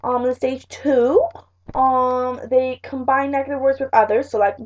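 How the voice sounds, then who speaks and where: A woman's voice: sits high, flat delivery, unhurried, darkish tone. A teenage girl, chatting through school revision notes in a rambling vlog, full of fillers. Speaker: vlogger. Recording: dull lo-fi webcam audio.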